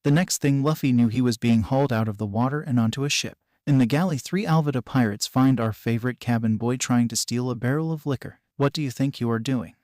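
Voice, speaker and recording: A man narrating fan fiction in an even, plain reading voice. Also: medium pitch, fast talker, few pauses, no echo, studio quality.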